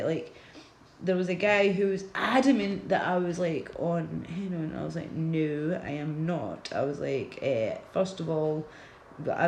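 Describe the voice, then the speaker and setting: A woman's voice: on the low side, darkish tone, echoey room, a little hiss or hum, poor audio. A Glaswegian woman from Scotland chatting casually on a livestream, rambling and answering her viewers' comments as she goes.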